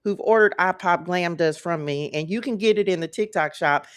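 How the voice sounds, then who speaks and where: A woman's voice: fairly low pitch, moderate pace, clear, resonant tone. A woman, hosting a casual faith livestream from her phone and talking straight to her viewers in a chatty, emphatic way. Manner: chatty, emphatic, repeats phrases and addresses viewers as y'all. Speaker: host. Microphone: phone camera.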